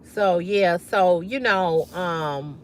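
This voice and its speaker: A woman's voice: on the low side, very slow, a little hiss or hum. A woman hosting a casual livestream, talking bluntly and with profanity straight to her viewers in a style. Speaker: livestream host.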